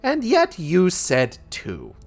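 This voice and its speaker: A man's voice: high-pitched, huge pitch swings, slow, soft background music, pitched above the performer's own voice, full character voice. A man voicing a sardonic male police officer who needles a suspect, in a livestreamed book reading. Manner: needling, sarcastic. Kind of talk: audiobook-style reading on a livestream.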